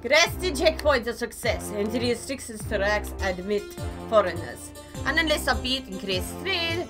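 A woman playing a video game and commenting casually, swearing freely, yelling mock-official orders at characters, and haltingly reading on-screen text aloud. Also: a little high, lively intonation, over music. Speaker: let's play gamer.

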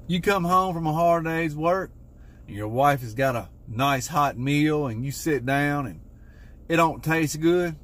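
A man delivering deadpan satirical marriage advice in a confident, mock-serious tone. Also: on the high side, unhurried. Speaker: comedy content creator.

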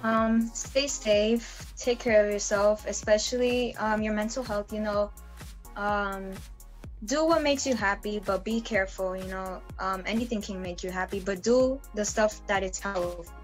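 Young woman interview guest, slow unhurried speech, relaxed and giggly, faint music behind. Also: medium pitch, rough recording. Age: young adult. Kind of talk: casual interview.

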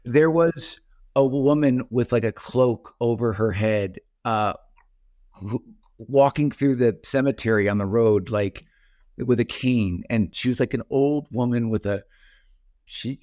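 A man's voice: mid-range voice, measured pace, a little mellow, no room sound, studio quality. A man in his forties telling a childhood story in a casual, rambling way, full of fillers and restarts.

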